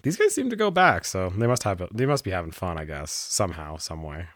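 A man's voice: deep voice, very animated, brisk, fairly bright tone, no room sound, studio quality. A man co-hosting a podcast, rambling and laughing often as he chats casually. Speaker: podcast co-host. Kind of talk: casual chat.

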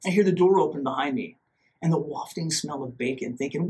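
A man hosting a podcast, telling a story casually in an animated, self-mocking way and acting out his own inner voice. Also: a little high, brisk. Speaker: podcast host.

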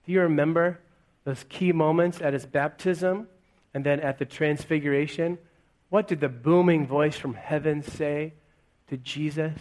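A man's voice: a little high, steady tone, unhurried, darkish tone. A male pastor preaching to a congregation in church. His voice sits a little above the usual male range, and he keeps it conversational, asking the room question after question. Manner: conversational, full of rhetorical questions. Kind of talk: sermon.

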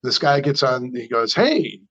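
Animated New storyteller man. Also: mid-range voice, moderate pace, lo-fi sound. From New York. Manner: animated, chatty storyteller who acts out quotes. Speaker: custom car builder. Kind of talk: storytelling in an interview.

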